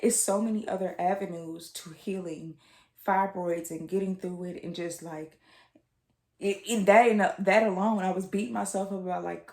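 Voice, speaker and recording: There's a lowish, darkish quality to this woman's voice, which stays steady at a moderate pace amid reverberation. An American vlogger in her twenties, she recounts a personal story to viewers with open emotion, lots of fillers and repeated words, and occasional tears.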